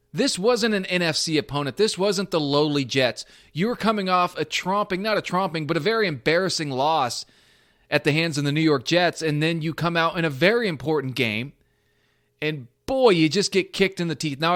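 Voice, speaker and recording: Animated man hosting a solo podcast. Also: fairly high pitch. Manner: animated, self-deprecating, thinking aloud with restarts. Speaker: podcast host. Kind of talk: solo sports podcast commentary.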